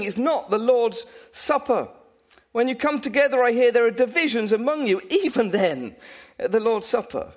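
A man preaching a sermon in an animated, playful way, often laughing. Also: very high-pitched, normal speed.

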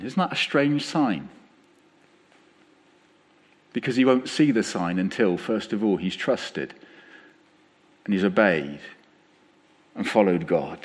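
A man preaching a sermon as pastor, conversational and lively, acting out quotes as he speaks. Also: on the low side, unhurried, long pauses.

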